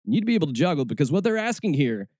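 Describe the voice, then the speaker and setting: A man hosts his podcast with a snarky, mocking edge, reading aloud and chuckling at his own jokes. His voice sits a little high for a man and swings widely in pitch. The sound is dry and close, with no room around it. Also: very animated, very fast, darkish tone, dry recording. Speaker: podcast host. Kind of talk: sarcastic commentary reading a job ad aloud.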